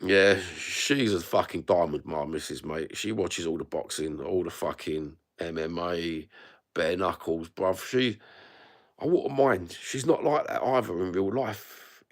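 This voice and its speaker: A middle-aged London man with a low voice and measured pace hosts a livestream, reading chat aloud. He rants bluntly and swears freely while talking casually to his live audience, recorded on a phone.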